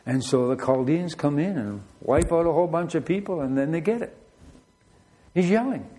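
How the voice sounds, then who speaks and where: A man's voice: high-pitched, very animated, normal speed, a little mellow. A middle-aged man, preaching a sermon in a conversational, storytelling way full of rhetorical questions. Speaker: pastor.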